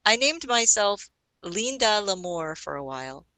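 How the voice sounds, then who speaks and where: A woman's voice: medium pitch, very animated, a little slow, sharp tone, dry recording, rough recording. A woman guesting on a podcast, telling about her music in a chatty way, often laughing and spelling names out. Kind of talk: casual podcast chat.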